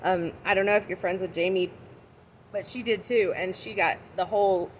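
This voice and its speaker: A woman's voice: medium pitch, fairly even intonation, moderate pace, slight background noise, poor audio. Chatty woman reading tarot live. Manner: chatty and rambling, talks to viewers by name. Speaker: tarot and oracle card reader. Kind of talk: casual livestream card reading. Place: outdoors outside her house.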